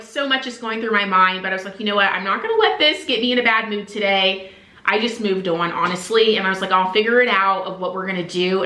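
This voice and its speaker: Bright, earnest woman vlogger. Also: mid-range voice, roomy sound. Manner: earnest and emotional, many "like" fillers. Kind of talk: casual chat to camera.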